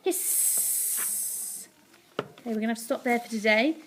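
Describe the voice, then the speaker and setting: A woman teacher reading a story aloud to her class, animated and playful, with sound effects. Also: fairly high pitch, racing, a little hiss or hum.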